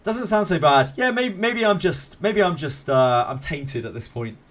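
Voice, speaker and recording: A man's voice: fairly high pitch, lively intonation, normal speed, fairly bright tone. A man streaming a game live, chatting casually with viewers in a laid-back, self-mocking way and swearing freely.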